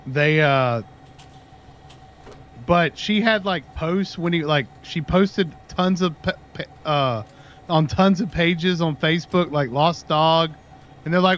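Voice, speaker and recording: A man's voice: on the high side, takes it slowly, a bit bright, muffled recording, a little hiss or hum. A man chatting casually on his livestream, telling a long rambling story and talking to his dog in between. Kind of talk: casual chat with stream viewers.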